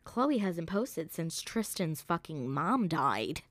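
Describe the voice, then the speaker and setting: A woman's voice: low voice, sing-song, slow pace, dry recording. A young woman hosting a solo gossip podcast, rambling and sarcastic with constant swearing. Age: young adult. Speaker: podcast host.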